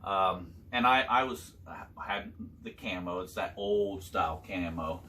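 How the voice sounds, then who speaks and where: An older man telling his son hunting stories from years back, in a halting, casual way with many fillers. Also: low-pitched, sharp tone, a little hiss or hum. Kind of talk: casual storytelling chat.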